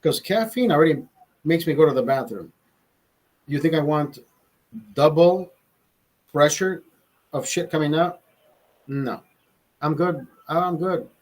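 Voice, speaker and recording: A man's voice: fairly high pitch, measured pace, pauses often, low-quality recording. A young man telling a rambling, profane story in casual chat, with many restarts. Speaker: vlogger host.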